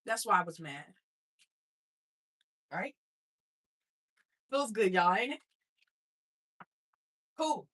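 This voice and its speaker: A woman's voice: medium pitch, very animated, takes it slowly, long pauses, fairly bright tone. An adult woman and mother telling her own story in a blunt, streetwise motivational talk, speaking straight to her listeners.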